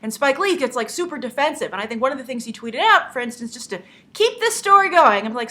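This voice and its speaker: A woman hosting movie news, telling a story in a lively, chatty way and acting out the people she quotes. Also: high-pitched, fast talker, hardly any pauses. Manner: animated storyteller who acts out quotes. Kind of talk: casual news commentary.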